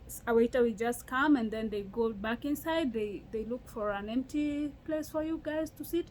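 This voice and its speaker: Young Kenyan woman, casual vlog chat, lively storyteller, slightly high. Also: normal speed, slight background noise, low-quality recording. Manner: animated storytelling with frequent laughs and restarts. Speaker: vlogger.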